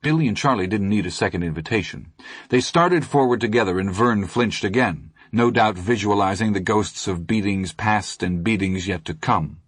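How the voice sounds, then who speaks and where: A man narrating an audiobook in a steady, measured way. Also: lowish voice, breathy edge, no room sound, clean studio sound.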